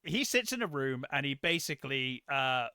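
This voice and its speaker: A man's voice: mid-range voice, sing-song, normal speed, sharp tone, smooth, no room sound, studio quality. A man co-hosting a film review podcast, rambling and sarcastic, swearing freely in casual chat. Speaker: podcast co-host.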